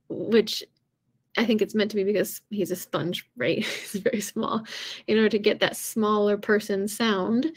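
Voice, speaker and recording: A young woman teaching singing in a casual live stream, talking in a chatty, rambling way with many pauses and small laughs at herself. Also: mid-range voice.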